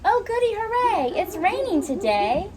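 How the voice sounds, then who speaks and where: A woman's voice: sing-song, slow, background noise, heavily acted. A woman doing a bouncy little duckling. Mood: cheerful. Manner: sing-song, high happy quacking.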